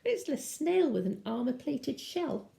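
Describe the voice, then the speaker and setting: Lively woman reading a storybook aloud. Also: sits high, unhurried, gravelly, a little hiss or hum. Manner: animated, chatty asides to young listeners. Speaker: teacher reading to children. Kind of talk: children's storybook read-aloud. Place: at home. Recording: roomy echo.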